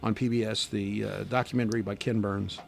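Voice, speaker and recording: A man's voice: on the low side, little pitch movement, a little fast, vocal fry, a little hiss or hum. A man hosting a local radio morning show in a studio, joking and teasing his co-hosts in casual banter.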